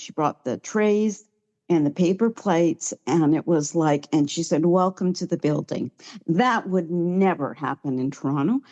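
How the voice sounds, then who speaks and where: A woman's voice: fairly low pitch, mellow, dull audio. A middle-aged woman giving a chatty, heartfelt personal recovery share at a meeting, sometimes close to tears. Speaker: guest speaker at a recovery meeting.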